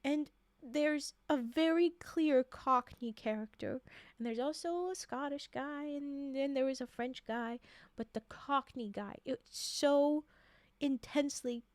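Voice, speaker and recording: A woman streamer chatting casually with her viewers, soft-spoken and rambling, with lots of fillers and laughs. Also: sits high, measured pace, dry recording. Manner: soft-spoken, drifting into quiet murmurs.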